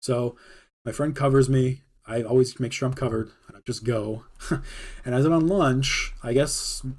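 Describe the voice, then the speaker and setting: A man telling a personal work story in a casual monologue, acting out the quoted dialogue as he goes. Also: mid-range voice. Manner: fast, animated retelling with quoted dialogue.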